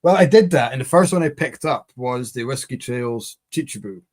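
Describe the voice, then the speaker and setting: A man's voice: medium pitch, lively intonation, moderate pace, a little mellow. A man hosting a casual chat show, talking in a loose, rambling way with many fillers and restarts. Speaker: podcast host.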